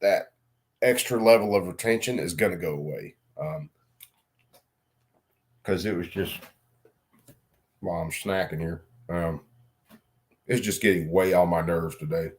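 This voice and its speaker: Profane, rambling man with a low voice. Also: measured pace, long pauses. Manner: rambling, profane, self-mocking, laughs a lot. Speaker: vlogger. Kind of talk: casual storytelling vlog.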